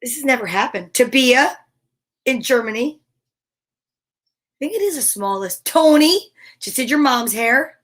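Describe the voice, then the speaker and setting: A middle-aged woman hosting a live show for children, bubbly and playful, reading names from the chat and chatting warmly. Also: high-pitched, expressive, a little slow, long pauses. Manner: bubbly, playful, sing-song. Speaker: children's livestream host.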